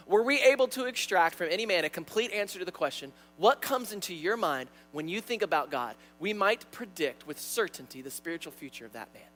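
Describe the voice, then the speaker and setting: A young man preaching a sermon in a church, animated and stuttering, often repeating words. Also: high-pitched, fairly quick, few pauses, faint music behind. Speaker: pastor. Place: church sanctuary.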